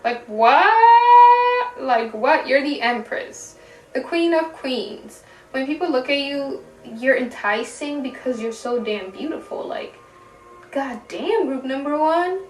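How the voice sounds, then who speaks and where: A young woman giving a casual pick-a-card tarot reading, chatty and giggly, with casual swearing and drawn-out emphasis. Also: high-pitched, lively intonation. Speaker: tarot reader. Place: room at home. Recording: echoey room, voice a bit far from mic, faint music.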